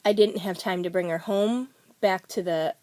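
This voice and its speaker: A middle-aged woman chatting to camera in a loose, rambling way, full of ums and restarts. Her pitch sits in the middle, and the sound is dry and close with no room echo. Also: fairly even intonation, normal speed, warm tone. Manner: rambling, many fillers and restarts. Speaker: vlogger. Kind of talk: casual storytelling to camera.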